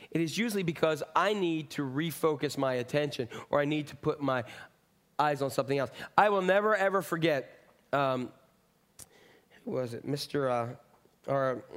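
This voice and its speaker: A middle-aged man preaching a sermon in a conversational, rambling way with asides and jokes. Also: fairly high pitch. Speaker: pastor.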